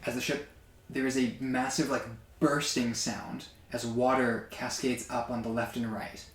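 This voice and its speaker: A man's voice: mid-range voice, level tone, a little slow. A man narrating a tabletop game as game master, with many fillers and a hesitant, casual delivery. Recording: echoey room.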